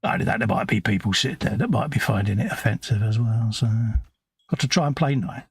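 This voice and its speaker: Middle-aged man, husky and gravelly, relaxed matey co-host chatting over his painting. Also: lowish voice, quick pace, no room sound. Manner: chatty, matey banter, says "mate" constantly. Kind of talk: casual live-stream chat while painting miniatures.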